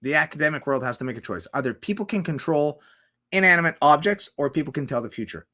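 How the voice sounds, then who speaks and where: A man's voice: fairly high pitch, expressive, quick pace, sharp tone. A man hosting a casual livestream, reading out chat comments and riffing on them in a rambling, profane way.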